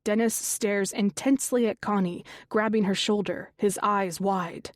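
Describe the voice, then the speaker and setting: Slow, measured woman narrating a thriller. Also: fairly even intonation, no room sound, studio quality. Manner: slow, measured reading with lifted pitch for quoted characters. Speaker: audiobook narrator. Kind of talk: scripted narration.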